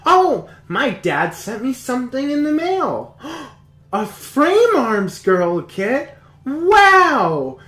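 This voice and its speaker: A man voicing a gushing teenage high school girl with high, squealing excitement. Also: takes it slowly, few pauses, roomy sound, full character voice.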